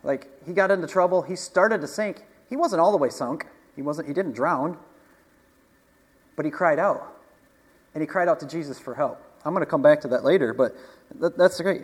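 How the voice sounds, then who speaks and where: Preaching in a relaxed, conversational style, this man has a fairly high, slightly rough voice and a brisk pace. He often chuckles and asks the congregation questions, with long hall reverb audible throughout.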